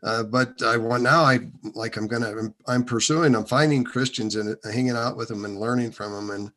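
A man's voice: mid-range voice, fairly even intonation, normal speed, a bit bright. A man being interviewed, telling his own faith story in a loose, rambling way with many restarts and fillers. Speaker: interview guest. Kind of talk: casual testimony.

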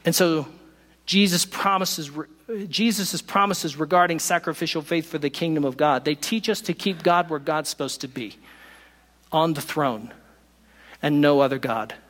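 Preaching man in a reverberant hall. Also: fairly high pitch. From not from West Virginia. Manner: expressive preaching, slows for emphasis. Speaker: pastor. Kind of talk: sermon.

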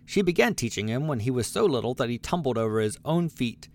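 A man narrating a children's storybook aloud, lively and expressive, giving the animals their own voices. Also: medium pitch, quick pace. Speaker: audiobook narrator.

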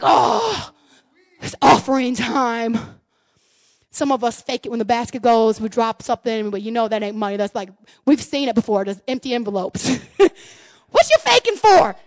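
Lady pastor, high voice, super animated, goes quiet then shouts, says y'all a lot, dry close mic. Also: dry recording. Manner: animated, swings between hushed asides and shouted excitement; folksy, says "y'all" and "man". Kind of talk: lively sermon with storytelling.

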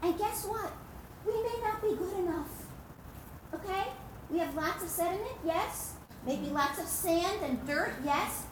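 A woman giving a religious talk to women, telling a story with emphatic, animated delivery. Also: very high-pitched, measured pace, noisy background. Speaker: speaker addressing women.

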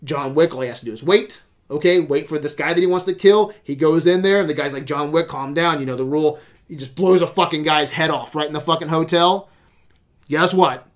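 A man's voice: fairly high pitch, brisk. A man ranting about movies on a casual podcast, swearing a lot and sounding exasperated. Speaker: podcast host reviewing movies. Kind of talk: casual profane movie rant.

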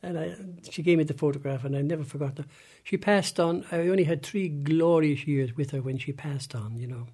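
Husky elderly Irish man, soft-toned. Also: a little high. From Ireland. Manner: halting, plain-spoken, trails off often. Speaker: interviewee, former industrial school resident. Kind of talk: recorded interview recollection.

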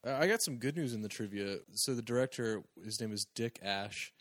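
A man's voice: mid-range voice, fairly quick, a bit bright, no echo. A man co-hosting a casual movie podcast, steering the segments in a dry, offhand way. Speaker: podcast co-host. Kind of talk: casual chat.

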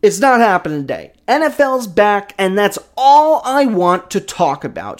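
A young man hosting a casual solo sports podcast. He is hyped and joking, swings a lot in pitch and loudness, and keeps throwing in self-mocking asides. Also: big pitch swings, moderate pace, hardly any pauses.

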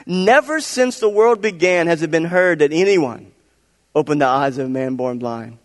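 A man's voice: mid-range voice, steady tone, brisk, lightly acted. A man voicing a man born blind who is newly healed, speaking up with a raised, emphatic, incredulous voice. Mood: preaching. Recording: long hall reverb.

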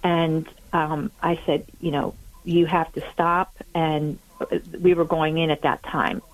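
Radio caller, woman, earnest and self-critical, rambling, a little low. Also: level tone, slow, low-quality recording. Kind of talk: phoning in to a radio show.

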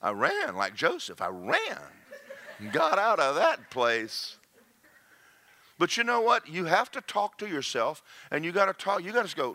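A middle-aged preacher delivers a sermon with humor, slipping into playful impressions as he goes. His voice sits fairly high and bright, swinging widely in pitch. The sound is close and dry. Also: no room sound. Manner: lively, joking, acts out quoted voices.

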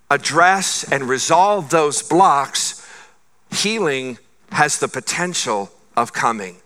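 Bright-voiced man preaching a sermon. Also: a little high. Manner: conversational, often circles back with "again". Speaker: pastor.

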